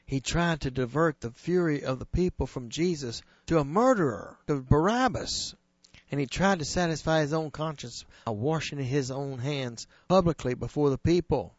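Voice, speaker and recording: Male preacher, slightly high voice, emphatic scripture retelling, dry dull lo-fi sound. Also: no room sound. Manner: earnest, emphatic, slows on key phrases.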